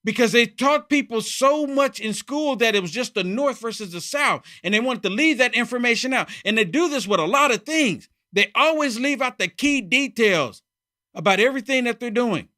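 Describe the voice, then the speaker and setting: A man delivers a political commentary monologue in a high-pitched, sharp, forceful voice. He hammers his points by repeating phrases, jumping between loud outbursts and low, muttered asides. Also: lively intonation, moderate pace. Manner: emphatic, repeats phrases for effect. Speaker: channel host.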